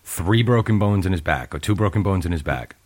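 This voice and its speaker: A man's voice: low-pitched, lively intonation, fairly quick, a little mellow. A man co-hosting a casual sports podcast, laughing easily and explaining his point firmly. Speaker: podcast co-host.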